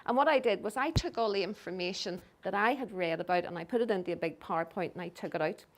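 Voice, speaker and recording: A woman's voice: mid-range voice, fast talker, slight background noise. A middle-aged woman with a Belfast accent, giving a lecture with slides and telling stories that act out the people she quotes. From Northern Ireland. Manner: storytelling, acts out quoted people.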